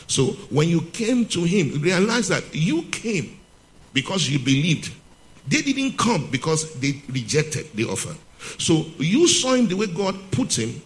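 A man preaching a sermon to a congregation, reading scripture slowly and asking rhetorical questions he answers himself. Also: fairly high pitch, big pitch swings. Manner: repeats key points for emphasis; reads scripture slowly and emphatically.

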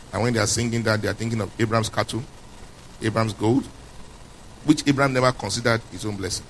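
A pastor with a fairly low, somewhat bright voice preaches a sermon, heard on a low-quality recording with a little hiss or hum. He's emphatic, repeating his key points and quizzing listeners with questions along the way.

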